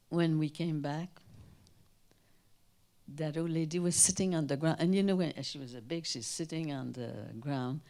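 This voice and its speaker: An older woman from Canada, a guest speaker telling anecdotes at a Q&A, animated and acting out the voices of people she quotes. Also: sits low, unhurried, pauses often. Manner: animated, acts out quoted voices, trails off and restarts. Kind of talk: anecdotal storytelling at a Q&A. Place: town hall in front of an audience.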